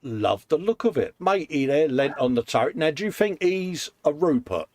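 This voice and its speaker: On a laid-back live stream from a hobby workshop, this co-host has a somewhat high, sing-song voice that's a little mellow, heard at normal speed with no room sound. He cheerfully reads out viewer comments and compliments people's model builds, frequently laughing and calling people "mate".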